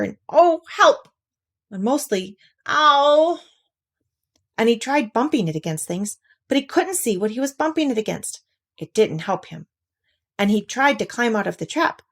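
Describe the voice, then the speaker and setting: A woman reading a children's storybook aloud with expressive, animated storytelling. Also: medium pitch, gravelly, husky.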